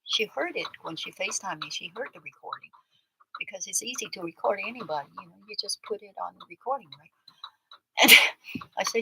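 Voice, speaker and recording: Livestream host, woman: husky, bright voice, lively casual storytelling with loud bursts and quiet asides. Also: medium pitch, moderate pace, dry recording, poor audio. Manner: animated, chatty, swings between loud outbursts and muttered asides. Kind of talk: casual storytelling to a live chat.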